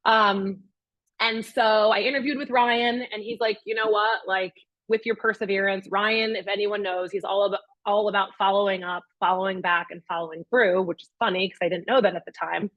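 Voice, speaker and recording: Animated woman telling her career story. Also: mid-range voice, normal speed, dry recording, dull audio. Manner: animated storyteller, quotes herself and others. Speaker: real estate agent. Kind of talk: telling a personal story at a master class.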